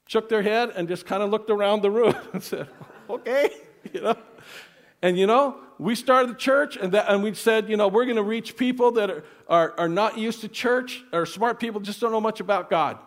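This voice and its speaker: A man preaching from the pulpit, his voice sitting a little higher than most men's. He tells his story earnestly and often sinks into soft, hushed tones. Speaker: pastor. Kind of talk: sermon.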